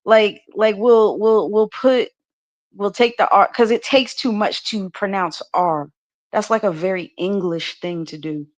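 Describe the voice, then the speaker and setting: On a livestreamed podcast panel, an American woman with a mid-range voice speaks unhurriedly through a lo-fi recording. Her casual talk rambles, full of fillers and restarts, and she laughs often.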